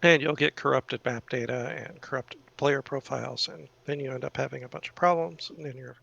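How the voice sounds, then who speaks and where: A man's voice: medium pitch, fairly even intonation, brisk, gravelly, a bit bright, highs cut off. A man on a casual voice chat, explaining server practice in a knowledgeable, matter-of-fact way with fillers. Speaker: veteran server admin and forum moderator.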